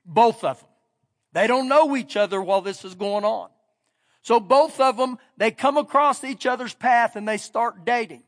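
In a large church hall where a long reverb carries every word, a middle-aged pastor with a remarkably high voice delivers a sermon at normal speed. His storytelling is homespun and folksy, and he hammers home his points with mounting emphasis.

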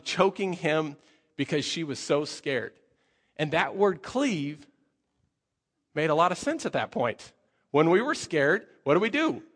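Energetic pastor preaching in a hall. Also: male voice, mid-range voice. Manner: energetic storytelling with fillers and repeats. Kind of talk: sermon.

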